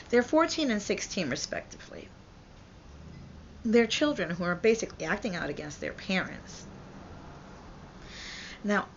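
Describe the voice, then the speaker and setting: Gravelly, foul-mouthed woman vlogger. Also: on the high side, dull audio, slight background noise. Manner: profane, blunt and chatty. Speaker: vlogger and parent. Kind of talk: irreverent storytelling retelling.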